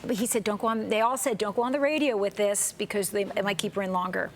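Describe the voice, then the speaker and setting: A woman guest co-host telling a personal story on a talk show, animated and acting out the people in it. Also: medium pitch, fast talker, a little hiss or hum.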